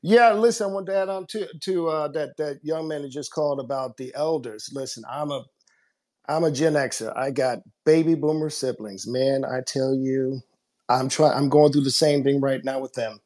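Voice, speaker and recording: A man's voice: medium pitch, steady tone, moderate pace, darkish tone. A man in his forties calling in to a radio show, earnest and exasperated. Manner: earnest and exasperated, quoting his own arguments with his sisters. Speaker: caller. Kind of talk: casual phone call-in.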